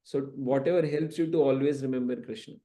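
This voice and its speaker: Talking fast in a steady, mellow mid-range voice, a man teaches a scripture class in a temple classroom. He lectures at length, with plenty of "you know" asides.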